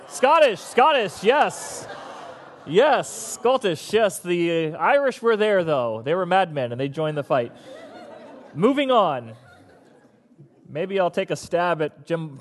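Man, middle-aged, pastor, sermon, high-pitched, conversational, humorous. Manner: conversational and humorous, with lively bursts.

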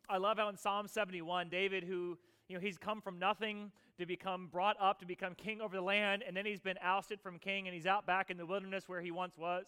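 A man preaching a sermon, earnest, building to emphatic passages and then dropping soft, over soft music. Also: high-pitched, flat delivery, brisk, few pauses, smooth. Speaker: pastor.

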